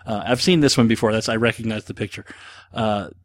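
In a fairly low, brisk voice, a man runs a casual solo show and takes listener questions. He jokes at his own expense and rambles, using lots of ums and uhs. No echo is audible.

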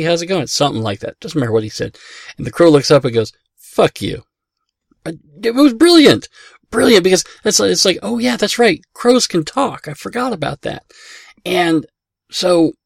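Gravelly man rambling from his car. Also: medium pitch, no room sound, studio quality. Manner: chatty, self-deprecating, easily amazed. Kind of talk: casual rambling chat. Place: parked car.

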